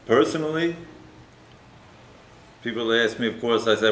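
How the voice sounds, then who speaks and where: This rabbi's sermon unfolds as conversational storytelling, with many points capped by a tag question. He has a medium-pitched, fairly bright voice and a measured pace, and the recording is echoey with faint noise.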